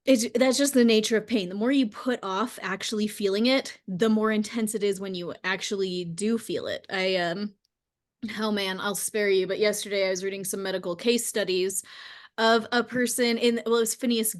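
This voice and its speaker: A woman hosting a casual conversation, chatty and quick to laugh, with lots of fillers. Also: mid-range voice, steady tone. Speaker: podcast host.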